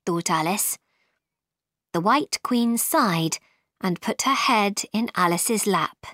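A woman narrating a storybook in a clear, deliberate reading. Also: fairly low pitch, fairly bright tone, no room sound, clean studio sound.

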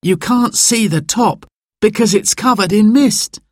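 A man voicing an excited, wide-eyed young boy in a storybook reading. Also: high-pitched, a little slow, no room sound, clean studio sound, voice pushed up. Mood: curious. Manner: excited, amazed exclamations.

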